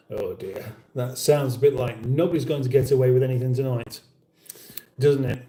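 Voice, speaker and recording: A man's voice: medium pitch, normal speed, warm tone, echoey room, low-quality recording. A middle-aged British man hosting a casual livestream, reading out viewer comments in a dry, wry, mock-formal way and sounding a little weary. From United Kingdom. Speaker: livestream host.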